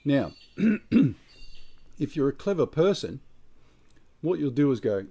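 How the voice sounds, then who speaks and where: A man's voice: medium pitch, sing-song, measured pace, pauses often, warm tone. An Australian man giving blunt, emphatic prepping advice outdoors in a casual monologue, swearing freely. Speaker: prepping vlogger. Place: outdoors near trees.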